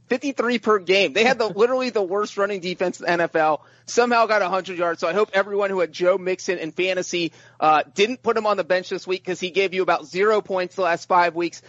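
A man co-hosting a podcast, chatting in an animated way and often repeating his first words. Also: sits high, no room sound, highs cut off. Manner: animated, repeats words when starting sentences. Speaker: podcast co-host. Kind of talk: casual sports chat.

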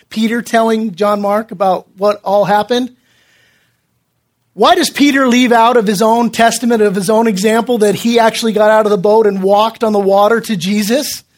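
A middle-aged pastor preaches a sermon in a strikingly high voice. He mixes scripture reading with casual personal stories, and he acts out the voices he quotes.

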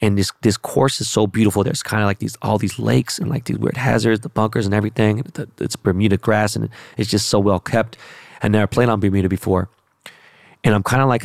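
Brash profane man with a low voice. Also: vocal fry, no room sound, studio quality. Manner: brash, profane, rambling slang-heavy talk. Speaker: vlogger. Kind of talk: casual profane monologue.

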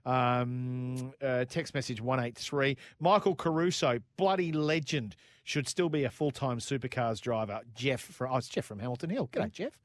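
Man, Australian accent, radio co-host, excitable, jokey, mid pitch, dry close sound. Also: moderate pace, hardly any pauses, no room sound. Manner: excitable, jokey, matey slang. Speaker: radio motorsport show co-host. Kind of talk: casual studio banter, reading listener texts.

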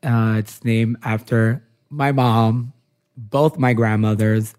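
Young male designer guest, casual and chatty, mid-pitched, rambling storyteller. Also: steady tone, slow, darkish tone, smooth. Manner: chatty storytelling, many filler likes. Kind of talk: casual interview chat.

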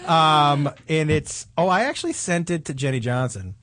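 A man's voice: fairly high pitch, lively intonation, moderate pace, a crowd in the background. A man co-hosting a radio talk show, chatting casually with his co-host and callers, joking and reading quotes aloud with laughter.

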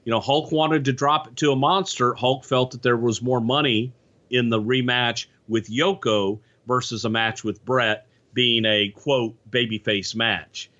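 Man, podcast guest, bright tone, rambling storyteller, dull lo-fi sound. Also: mid-range voice, fairly even intonation, measured pace. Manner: rambling, frequent you-knows and restarts. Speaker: former wrestling insider guest. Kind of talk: casual podcast recollection.

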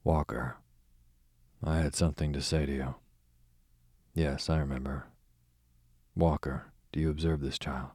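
A languid aristocratic duke with a dry, sarcastic drawl, read by a man in a bedtime audiobook. The voice is extremely deep and flat, the pace unhurried, the sound close and dry. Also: husky, no room sound, heavily acted. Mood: sardonic.

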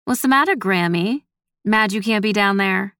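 A woman's voice: medium pitch, normal speed, fairly bright tone, smooth, no room sound, clean studio sound, close to an everyday voice. A woman reading a story, voicing a playful young granddaughter who teases and whines. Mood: teasing. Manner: teasing, whiny. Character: teasing playful teenage granddaughter. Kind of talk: storybook character voice.

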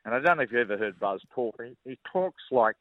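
A man's voice: medium pitch, animated, quick pace, dry recording. A middle-aged Australian man, a former rugby league player, telling stories as a radio guest in a colloquial, chuckling way, stumbling over and repeating words. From Newcastle, Australia. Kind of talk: casual radio interview storytelling. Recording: dull, muffled broadcast audio.

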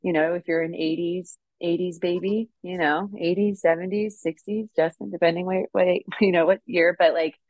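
A woman's voice: lowish voice, steady tone, normal speed, few pauses, darkish tone, dry recording. A woman hosting a podcast from her home basement, effusive and emotional, often laughing. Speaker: podcast host. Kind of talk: casual conversation.

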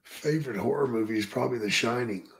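A man's voice: mid-range voice, fast talker. An older man, a retired wrestler, telling stories in a casual, profane, drawling way. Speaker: podcast guest, retired wrestler. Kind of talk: casual storytelling.

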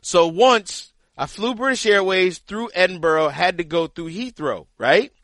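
Animated, high-voiced man telling a story. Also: measured pace, no room sound. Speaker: podcast co-host, the caddie. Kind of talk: casual storytelling chat.

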